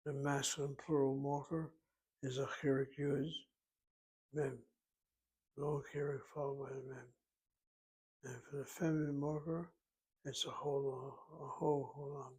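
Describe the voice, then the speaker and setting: Husky, flat-voiced male Hebrew teacher. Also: mid-range voice, a little slow, long pauses. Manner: methodical, explains step by step. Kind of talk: recorded language lesson.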